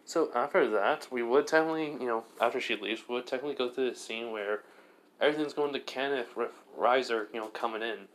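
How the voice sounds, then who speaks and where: A man's voice: medium pitch, brisk, fairly bright tone. A man casually telling a fan fiction story, rambling with lots of fillers and restarts.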